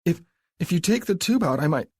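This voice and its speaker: A man voicing a nervous, submissive young woman in an audiobook, in a high, breathy, strained voice. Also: very animated, normal speed, dry recording, clean studio sound. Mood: breathless.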